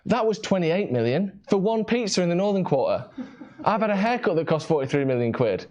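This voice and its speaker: A man's voice: high-pitched, a little fast, muffled recording. Sarcastic Mancunian man hosting a late show. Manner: sarcastic, deadpan comic asides. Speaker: host. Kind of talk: jokey late-night show banter. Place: small home studio.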